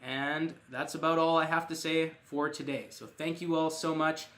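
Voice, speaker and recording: A man teaching an online English lesson, reading example sentences slowly and clearly and explaining what they mean. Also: a little high, steady tone, a bit bright.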